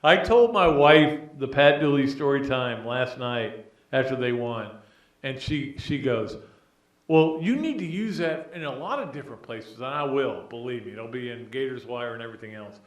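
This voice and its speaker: Middle-aged male podcast host, rambling and animated, mid-pitched voice, roomy echo. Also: normal speed. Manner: animated, rambling, emotional, many restarts. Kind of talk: casual sports talk monologue.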